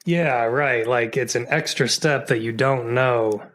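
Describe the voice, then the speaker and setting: A man's voice: mid-range voice, a little slow, fairly bright tone. A man co-hosting a podcast in casual chat, jokey and rambling with lots of fillers. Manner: chatty and jokey, with frequent fillers and restarts. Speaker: podcast co-host.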